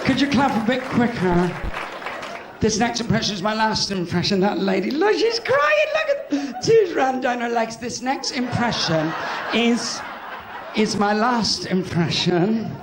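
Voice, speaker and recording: A cheeky West Country comedian working a cabaret club, his voice pitched high as he teases the crowd. The room is echoey, and loud laughter and noise spill around every line. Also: lively intonation, a little slow. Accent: West Country English. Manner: cheeky, playful banter with the audience. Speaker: stand-up comedian. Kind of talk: live stand-up comedy.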